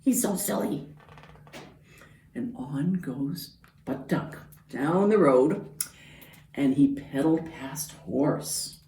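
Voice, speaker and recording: A woman's voice: extremely low pitch, takes it slowly, dark tone. A woman librarian reading a picture book aloud to children, pointing out the pictures as she goes. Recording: roomy, from far off.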